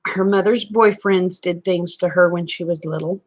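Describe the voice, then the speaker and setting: A woman's voice: on the low side, steady tone, moderate pace. A woman chatting casually with viewers on a live stream, folksy and talkative. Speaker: vlogger.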